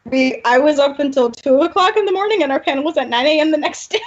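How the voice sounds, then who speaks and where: Animated high-voiced young woman, lo-fi. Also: fast talker. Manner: animated, storytelling with quoted dialogue. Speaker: guest performer. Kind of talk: casual interview chat. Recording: dull lo-fi audio.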